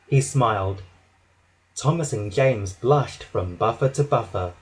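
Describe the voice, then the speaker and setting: A man narrating a children's storybook with an expressive, dramatic reading. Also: mid-range voice, a little slow, slightly rough.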